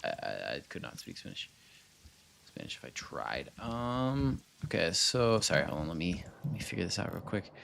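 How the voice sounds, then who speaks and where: Guy streaming a factory game, gravelly voice, pitch bouncing all over, thinking out loud and answering chat. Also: sing-song, moderate pace, a little hiss or hum. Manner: thinks aloud, trails off and restarts, mutters counts; chatty, answers viewers as he plays. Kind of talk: casual gameplay commentary.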